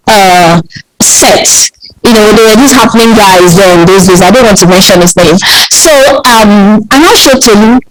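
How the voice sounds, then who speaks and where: A woman with a Nigerian accent, a guest alumna telling school stories in an expressive, animated way and acting out quotes. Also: mid-range voice, rough recording. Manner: animated, expressive storyteller who acts out quotes. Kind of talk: casual interview storytelling.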